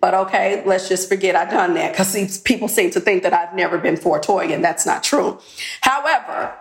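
A woman's voice: on the low side, moderate pace, gravelly. Candid woman guest in an echoey room. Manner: candid, retells conversations. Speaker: reality TV cast member, guest. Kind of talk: podcast interview storytelling. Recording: roomy echo.

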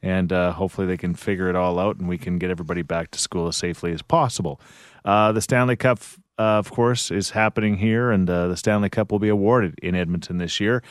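Low-pitched, laid-back morning radio host who reads the news and banters. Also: male voice, fairly even intonation, clear, resonant tone, no echo, studio quality. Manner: easygoing, frequent filler pauses.

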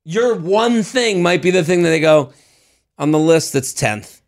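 A man in his thirties co-hosting a podcast, chatting in an animated, jokey way with lots of restarts. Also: on the high side, a little slow. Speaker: podcast co-host. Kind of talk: casual chat.

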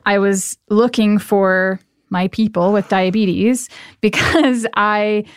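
A woman in her thirties with a smooth, resonant voice speaks as an interview guest. She explains things earnestly in a conversational way. Her voice sounds close and dry, with little room sound. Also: medium pitch, steady tone, slow pace, dry recording. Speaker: guest, nonprofit founder.

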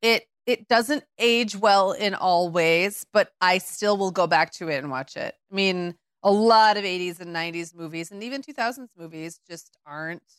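A woman in her forties from the American Midwest, co-hosting a podcast in animated casual chat full of fillers. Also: fairly low pitch, moderate pace, few pauses, clear, resonant tone, dry recording, studio quality. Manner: animated, chatty, lots of fillers and mimicked voices. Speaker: podcast co-host.

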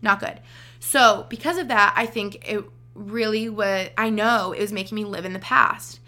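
A woman's voice: medium pitch, steady tone, moderate pace, bright, forceful tone. A young woman in her twenties hosting a podcast, giving earnest relationship advice in a chatty, filler-heavy way. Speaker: podcast host. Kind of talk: casual advice chat.

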